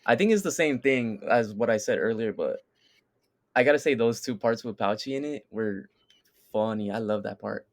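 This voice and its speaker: A man's voice: on the low side, moderate pace. A man co-hosting a podcast in casual chat, retelling scenes in a loose, rambling way full of fillers. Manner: rambling, filler-heavy storytelling. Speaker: podcast co-host.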